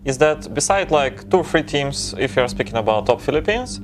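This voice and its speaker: A man from Turkey, speaking halting, bluntly on an esports panel. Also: medium pitch, animated. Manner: non-native English, halting, blunt. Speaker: esports team member. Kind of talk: panel discussion.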